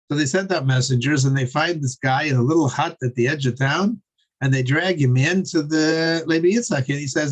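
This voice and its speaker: A man's voice: fairly high pitch, normal speed, poor audio. A man teaching a Torah class, telling a story conversationally with frequent fillers and chuckles.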